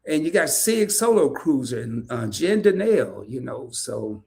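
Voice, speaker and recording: A man hosting a casual livestream interview, chatty and animated, laughing often as he reads comments. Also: medium pitch, unhurried, vocal fry. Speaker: podcast host. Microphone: streaming setup, remote call.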